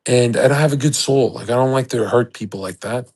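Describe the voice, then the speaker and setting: A man's voice: medium pitch, brisk, darkish tone, poor audio. A young man hosting a livestream, talking to his chat in a crude, boastful, rambling rant. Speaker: livestream host. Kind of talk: casual rant to a live chat. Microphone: streaming setup.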